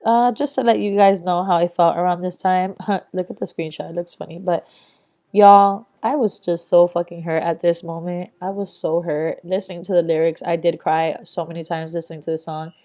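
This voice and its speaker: A woman's voice: fairly low pitch, fairly even intonation, normal speed, mellow. A young adult woman vlogger giving a candid, reflective voice-over, casual and swearing freely.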